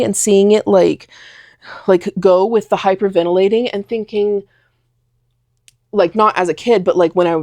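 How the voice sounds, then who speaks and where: A woman's voice: mid-range voice, darkish tone, no echo, studio quality. A young woman telling a personal story in a casual talking vlog, rambling with lots of fillers. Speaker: vlogger.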